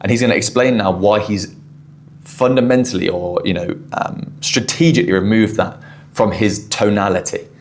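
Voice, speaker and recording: A man with a southwest English accent and quick, explanatory delivery, commenting as host on a recorded podcast clip. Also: fairly low pitch, slight background noise. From southwest England. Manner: quick-talking, explanatory, with restarts.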